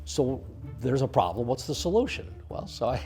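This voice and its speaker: An older man, a retired highway patrol officer, telling stories in an interview in a lively way. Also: normal speed, soft background music. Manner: lively storyteller, acts out voices in quotes. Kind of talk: storytelling interview.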